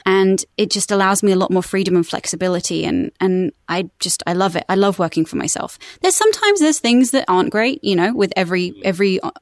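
A woman's voice: mid-range voice, lively intonation, fast talker, few pauses, no echo, studio quality. A woman who works as a voice-over artist, chatting upbeat and laughing often in a podcast interview. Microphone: studio microphone.

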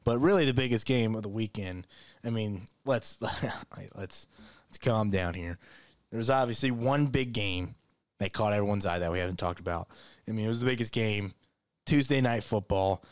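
A man's voice: on the low side, normal speed, dry recording, clean studio sound. A man co-hosting a casual sports podcast in a laid-back way, laughing often and calling people "man" and "bro.". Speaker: podcast co-host.

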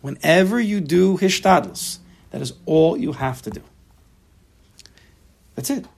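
Gravelly, husky man teaching a class. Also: a little high, animated, unhurried. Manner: emphatic, acts out imagined inner voices. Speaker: teacher of a religious text class. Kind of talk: Torah class lecture, explaining a text to students.

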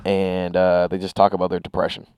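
A man's voice: deep voice, monotone, brisk, darkish tone, clear, resonant tone, no echo. A man co-hosting a podcast in casual chat, talking bluntly with plenty of swearing and filler words. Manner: blunt and profane, lots of fillers. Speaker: podcast co-host.

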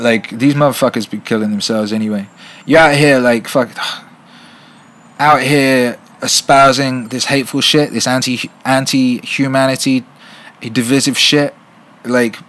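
A man's voice: mid-range voice, a bit bright. A middle-aged man hosting a show and answering viewer questions in casual talk, blunt and profane, rambling and repeating himself for emphasis. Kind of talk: casual solo livestream talk.

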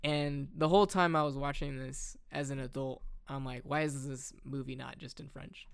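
A man's voice: mid-range voice, fairly even intonation, moderate pace, gravelly, clean tone, dry recording, studio quality. A young man co-hosting a podcast, chatting casually with lots of fillers and laughter. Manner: laid-back, filler-heavy, laughs often. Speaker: podcast co-host. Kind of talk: casual chat.

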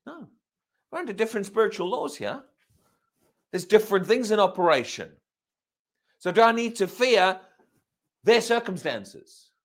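Lively, emphatic male preacher. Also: normal speed, long pauses. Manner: emphatic, asks the congregation questions; lively, swinging pitch. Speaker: pastor. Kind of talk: sermon.

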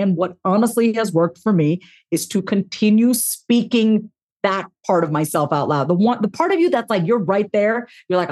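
A woman speaking as a podcast guest, giving a heartfelt motivational talk with expressive self-talk and casual swearing. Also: medium pitch, normal speed.

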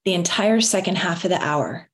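Middle aged woman giving a motivational talk, kinda low voice, earnest storytelling. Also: lively intonation, normal speed. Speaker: wellness speaker.

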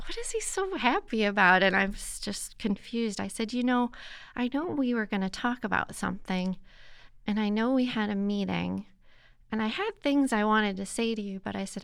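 A woman guest recounting a personal experience in an earnest, reflective way, with soft hesitations. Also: medium pitch, gravelly, smooth, dry recording, clean studio sound. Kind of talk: personal testimony in conversation.

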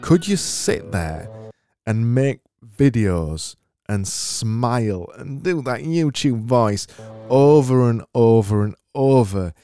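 Dry, sarcastic Yorkshire podcast host. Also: male voice, lowish voice, dark tone, no echo. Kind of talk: casual solo podcast reading listener messages. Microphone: studio mic with mixer.

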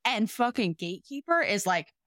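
A woman's voice: medium pitch, very animated, moderate pace, a bit bright, dry recording, clean studio sound. A young adult woman co-hosting a podcast, recapping a movie bluntly with lots of swearing and jokes. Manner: blunt, swears a lot, jokey. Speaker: podcast co-host. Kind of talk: casual movie recap chat.

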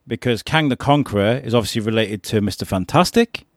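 A man hosting a casual podcast about a TV show, speaking excitedly to his listeners and swearing now and then. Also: fairly low pitch, a little fast, no room sound, clean studio sound. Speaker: podcast host.

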